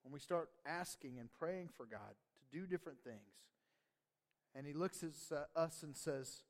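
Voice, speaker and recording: A male pastor preaches in a lively, conversational way, laughing now and then and acting out short quotes. His voice sits a little high for a man. The sound carries the long reverb of a church sanctuary. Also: normal speed. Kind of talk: sermon.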